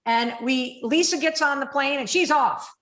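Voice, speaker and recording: A woman hosting a podcast interview, telling stories in an animated, blunt way and cursing freely. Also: sits high, moderate pace, reverberant. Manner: animated storyteller who acts out inner voices, blunt and swears freely. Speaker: podcast host. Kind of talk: candid conversational interview.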